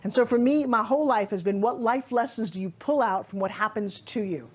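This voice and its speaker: A middle-aged woman from Long Island with a New York accent, giving an energetic, emphatic motivational talk in a conversational way. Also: on the high side, a little fast. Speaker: motivational speaker.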